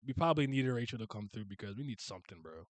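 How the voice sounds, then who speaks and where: A man giving casual reaction commentary as a video host, excitable and often laughing and swearing. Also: mid-range voice, racing, no echo.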